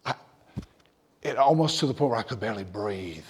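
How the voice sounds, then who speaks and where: A man preaching an emotional personal testimony as a pastor, dropping to near whispers and then rising loud and fervent. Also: fairly low pitch, lively intonation, brisk, slightly rough. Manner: emotional testimony, swings from hushed to loud, repeats himself. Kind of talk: sermon.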